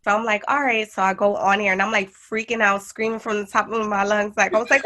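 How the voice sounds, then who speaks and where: Young woman guest, bright voice, animated storyteller in casual chat. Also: mid-range voice, moderate pace, few pauses. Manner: excited storyteller, animated retellings. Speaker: guest artist and jewelry designer.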